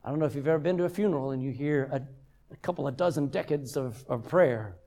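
A man's voice: medium pitch, fast. An older man preaching a sermon as a pastor, telling stories with humor. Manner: humorous, lively storytelling.

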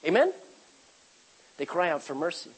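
A man preaches with animated energy, slipping into the voices of the people in his stories. His voice is pitched high and sounds husky, carried through a church. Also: moderate pace, low-quality recording. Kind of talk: sermon.

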